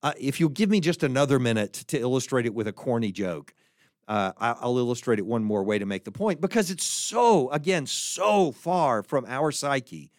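A middle-aged male pastor giving a sermon, animated and acting out voices as he tells a joke. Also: medium pitch, normal speed, dry recording, clean studio sound. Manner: animated, acts out voices in anecdotes and jokes.

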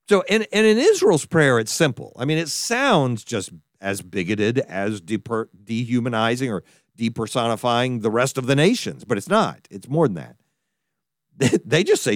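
A man preaching a sermon in an animated, conversational way, often restarting his sentences and adding asides. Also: medium pitch, moderate pace, no room sound, clean studio sound. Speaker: pastor.

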